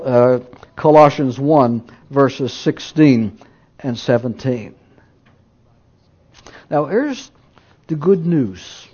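A man preaching a sermon, moving between loud emphatic declarations and hushed low asides. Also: dull audio.

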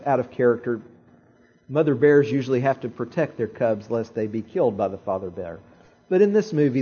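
A man preaches, retelling a story with lively pauses and phrases he repeats for effect. His voice is husky and a little breathy at a middle pitch. The recording sounds slightly dull and lo-fi. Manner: animated storyteller, dramatic pauses and repetitions. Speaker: pastor. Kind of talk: sermon storytelling.

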